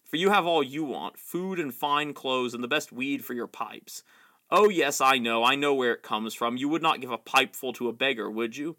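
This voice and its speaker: A man's voice: medium pitch, normal speed, sharp tone. A man reading aloud, voicing a bitter, ruined old male wizard who sneers, whines and spits scorn at everyone. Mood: sneering. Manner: sneering, whining and spiteful.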